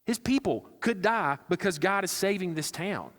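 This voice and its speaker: A man's voice: sits high, lively intonation, moderate pace, a bit bright. Conversational preacher man in a reverberant church. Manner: conversational, acts out quotes with sarcasm. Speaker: pastor. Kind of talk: sermon. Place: church sanctuary.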